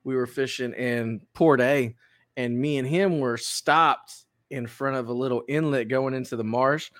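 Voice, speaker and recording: A man's voice: medium pitch, measured pace, no echo, studio quality. A man co-hosting a podcast in casual chat, telling stories with lots of energy and laughter. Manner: animated storyteller, laughs often. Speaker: podcast co-host.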